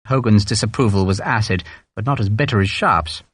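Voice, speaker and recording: A man narrating a historical war novel in a measured, expressive reading. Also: on the low side, slightly rough. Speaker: audiobook narrator. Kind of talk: scripted narration.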